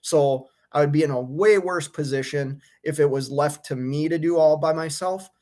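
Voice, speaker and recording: A man's voice: a little high, moderate pace, darkish tone. A man, an owner-operator truck driver, venting his frustration on a live stream from a hotel room, fired up and restarting his sentences, then reading viewer comments.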